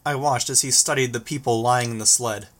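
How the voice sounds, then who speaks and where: A man reads a first-person action story aloud in a steady, even manner. His voice sits at an ordinary middle pitch for a man. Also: brisk. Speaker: audiobook narrator. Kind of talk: first-person audiobook narration.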